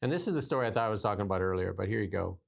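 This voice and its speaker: A man's voice: fairly low pitch, animated, racing, gravelly. A man hosting casual political commentary, reading news items aloud and mocking them sarcastically. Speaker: podcast host.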